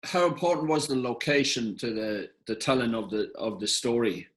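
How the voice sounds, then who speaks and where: A man's voice: medium pitch, normal speed. A man interviewing a director at a festival Q&A, asking questions hesitantly with fillers and repeats.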